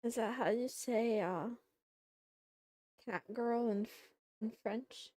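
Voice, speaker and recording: A young woman VTuber streamer chatting casually and playfully while eating on a quiet stream. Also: fairly high pitch, takes it slowly, no echo, clean studio sound.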